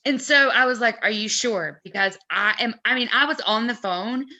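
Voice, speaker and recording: Very bright-voiced woman telling a story. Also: on the high side, moderate pace, lo-fi sound. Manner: animated, chatty anecdote telling. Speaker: co-host of a fan merch live chat. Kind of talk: casual storytelling chat.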